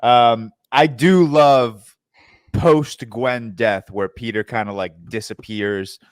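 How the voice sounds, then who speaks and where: A man's voice: medium pitch, slow, clean tone, no echo, clean studio sound. A man co-hosting a podcast, chatting casually and jokingly about films. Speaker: podcast co-host. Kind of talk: casual film review chat.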